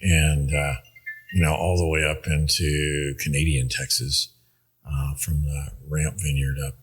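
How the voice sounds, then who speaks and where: A man, a winemaker guest on a podcast, speaks in a measured, unhurried way with many pauses and ums. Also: very deep voice, flat delivery, fairly bright tone, slightly rough. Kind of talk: casual podcast conversation.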